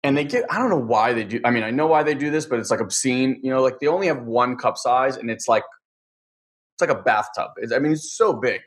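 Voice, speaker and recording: Man, casual chat, candid and rambling, mid-pitched, lots of fillers. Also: fast talker.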